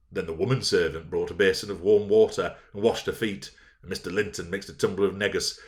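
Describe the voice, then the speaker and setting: A man narrating a classic novel in a measured, expressive storytelling manner. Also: low-pitched. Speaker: audiobook narrator. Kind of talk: dramatic novel reading.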